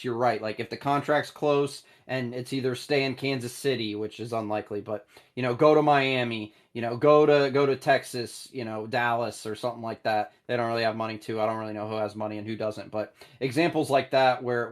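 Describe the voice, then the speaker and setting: A man hosting a casual live call-in fan show, talking in an animated, blunt way with some swearing. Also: mid-range voice.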